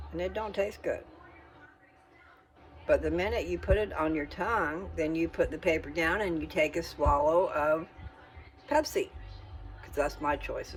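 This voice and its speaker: A woman with a low-pitched voice, in a rough recording, vlogs from her kitchen. She talks to viewers in a casual, folksy way, often checking in with "okay?".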